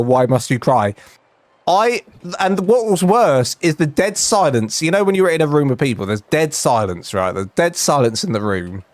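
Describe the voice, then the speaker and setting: A man's voice: fairly high pitch, dry recording. A young man streaming from home, telling a funny story in a chatty, self-mocking way. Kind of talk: casual storytelling while gaming. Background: faint game music.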